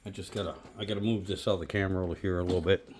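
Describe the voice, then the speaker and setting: A low-voiced man talks very fast while hosting his DIY channel's casual cooking vlog, recorded on a phone in a home kitchen near a woodstove. Chatty and relaxed, he murmurs over the food and offers apologies as he tastes it; there's a slight hiss or hum.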